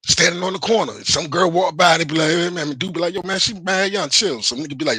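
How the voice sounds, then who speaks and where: A livestream host rants at his chat in a heated, defensive way, swearing and repeating himself. His voice is on the high side, fast, sharp, and slightly rough. The recording is rough, with no room sound.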